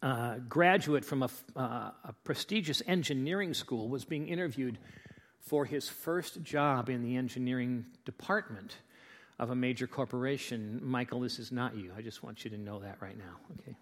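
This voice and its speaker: A man's voice: mid-range voice, normal speed. A man preaching as pastor, telling jokes to his church in a chatty, rambling storytelling manner. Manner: chatty storyteller, restarts and fillers, lively delivery. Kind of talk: joke-telling sermon.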